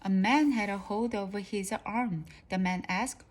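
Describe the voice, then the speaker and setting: Slow, careful woman reading a storybook. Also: mid-range voice, low-quality recording. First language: Korean. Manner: careful, practicing reader with small slips. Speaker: reader. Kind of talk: reading a children's storybook aloud.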